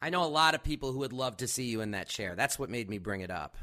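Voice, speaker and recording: A man's voice: mid-range voice, expressive, quick pace, pushed and bright. A man hosting a casual interview, asking friendly, rambling questions. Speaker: podcast host.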